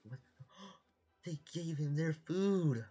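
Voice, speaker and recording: Excitable reaction host, gasping and panicky. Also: mid-range voice, slow pace, slightly rough, lo-fi sound. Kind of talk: reacting to animations.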